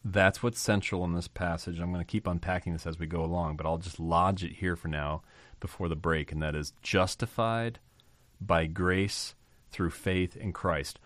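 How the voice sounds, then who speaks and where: A man's voice: low-pitched, fairly quick, fairly bright tone, no echo. A man hosting a podcast, teaching through a Bible passage by reading verses aloud and explaining them phrase by phrase, repeating key terms for emphasis. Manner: reads scripture aloud, then unpacks it word by word.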